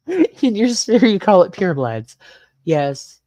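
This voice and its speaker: A woman's voice: mid-range voice, mellow, no echo, lo-fi sound. An older woman hosting a casual livestream from her small garage suite, greeting viewers by name and rambling through the chat. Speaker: livestream host.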